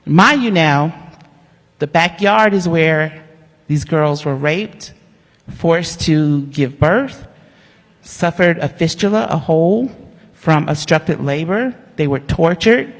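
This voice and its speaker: A woman, an award honoree giving an animated, humorous storytelling speech that talks straight to the audience. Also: low-pitched, takes it slowly, pauses often. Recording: long hall reverb.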